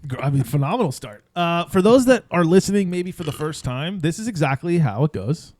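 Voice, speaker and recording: A man's voice: fairly high pitch, expressive, brisk, darkish tone, dry recording. A young man co-hosting a casual podcast, teasing and laughing often. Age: young adult. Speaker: podcast co-host. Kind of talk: casual chat.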